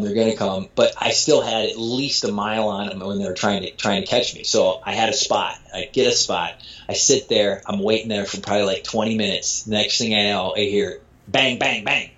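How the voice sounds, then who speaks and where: Animated man telling a wild story, lo-fi. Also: mid-range voice. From Michigan, US. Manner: animated, acts out dialogue with swearing. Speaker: storyteller guest. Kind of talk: casual anecdote telling. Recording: dull lo-fi sound.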